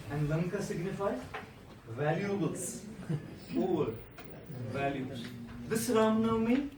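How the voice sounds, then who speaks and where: Brief: male monk speaker, high-pitched, storytelling motivational speech, rhetorical repeats, captured far off in a noisy echoing hall. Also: takes it slowly, long pauses. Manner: animated storyteller with rhetorical repetition. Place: large indoor hall. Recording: echoey hall from a distant mic.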